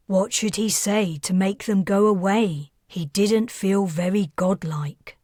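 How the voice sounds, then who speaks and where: A woman reads her own science fiction novel aloud, close to the mic, in steady and measured scripted narration. Her voice is mid-range, and the recording is dry.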